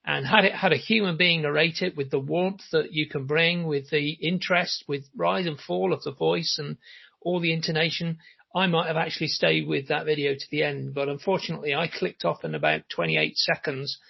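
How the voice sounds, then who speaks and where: A man's voice: fairly high pitch, steady tone, moderate pace, creaky, husky, highs cut off. A man hosting a casual interview podcast, chatty and full of fillers. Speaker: podcast host.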